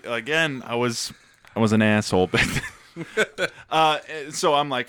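A young man telling a wild story in casual chat, animated and profane, often laughing. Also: medium pitch, fairly quick, slight background noise.

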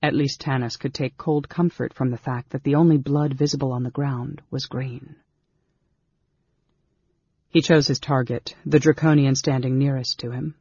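A man narrating a fantasy audiobook in a measured, dramatic storytelling manner. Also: medium pitch, a little mellow, breathy edge, no echo, dull audio. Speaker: audiobook reader.

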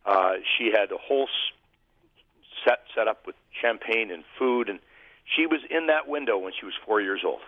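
A man's voice: on the low side, moderate pace, no echo. Male guest, ex-goalie, chatty self-deprecating storyteller, phone-quality audio. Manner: humorous, self-deprecating anecdotes. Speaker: guest, former hockey goalie. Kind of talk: casual interview storytelling. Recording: tinny phone-like line.

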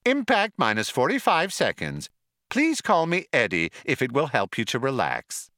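A man voicing a cheerful, chatty spaceship computer that sounds breezy and overly bright. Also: medium pitch, wildly swooping pitch, normal speed, no echo, clean studio sound, voice pushed up. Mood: chirpy.

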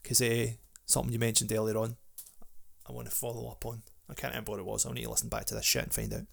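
A young Scottish man co-hosting a podcast, blunt, sweary and quick to laugh. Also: medium pitch, little pitch movement, gravelly. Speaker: podcast co-host, drummer. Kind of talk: casual podcast chat.

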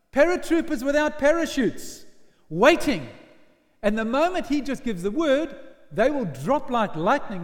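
A man preaching a sermon, telling a story in an animated way and acting out the voices of its people. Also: very high-pitched. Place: church. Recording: long church hall reverb.

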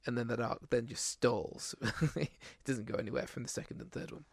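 Male podcast co-host, gravelly, rambling casual film chat, dry close sound. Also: mid-range voice, moderate pace, no room sound. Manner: rambling, lots of restarts and fillers.

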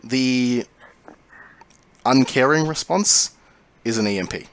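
A man narrating a tabletop role-playing game as game master, describing scenes in a calm, measured way. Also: mid-range voice, slight background noise.

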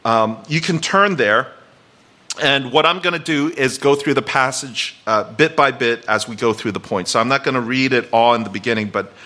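At moderate pace and medium pitch, a man in his forties preaches as a guest pastor in a church sanctuary, his tone bright and forceful. The sermon weaves in a personal story, delivered conversationally and reflectively with light self-deprecating humor.

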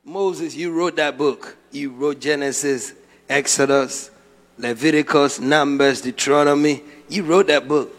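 A man preaching a sermon as a prophet, dramatic, swinging from quiet asides to shouted lines. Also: a little high, fairly even intonation, a little slow. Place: large church hall. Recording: long hall reverb.

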